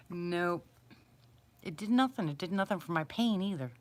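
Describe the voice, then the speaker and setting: A middle-aged woman with a low, deep-set voice hosts a casual livestream. She is chatty and addresses her viewers by name in an easygoing tone. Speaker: livestream host. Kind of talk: casual live chat with viewers.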